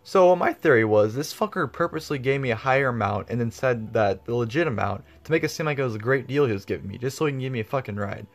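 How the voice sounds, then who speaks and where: A man's voice: medium pitch, fast talker, few pauses. A man telling a story in a casual vlog, rambling with lots of fillers and swearing freely. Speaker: vlogger.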